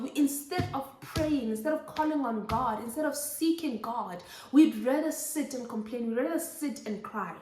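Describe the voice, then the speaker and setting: Young woman, high voice, fervent repetitive preaching, roomy echo. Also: a little mellow. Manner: exhorting, repetitive emphatic preaching. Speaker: host of a Christian motherhood show. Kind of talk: preaching Bible study.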